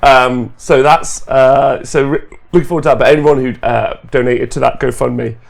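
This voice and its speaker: A man's voice: medium pitch, steady tone, normal speed, gravelly. A man hosting a gaming podcast stream, chatty and rambling, laughing often and hiccuping. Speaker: podcast host. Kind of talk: casual livestream chat.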